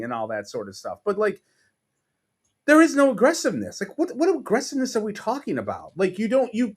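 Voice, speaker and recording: Casting: man, New York accent, fired-up sports podcast rant, cursing freely, somewhat high voice. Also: wildly swooping pitch, a little fast, slightly rough. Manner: profane, exasperated ranting with mocking impressions. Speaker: podcast co-host.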